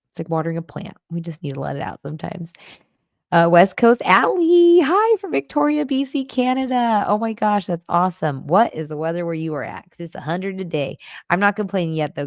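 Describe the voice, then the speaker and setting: A woman with a low, gravelly voice hosts a casual livestream and talks straight to her viewers. She is chatty and warm and at times gets emotional. The sound is close and dry, with no room in it. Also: no room sound. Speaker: livestream host and cancer coach. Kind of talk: casual livestream chat reading comments. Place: home in Arizona.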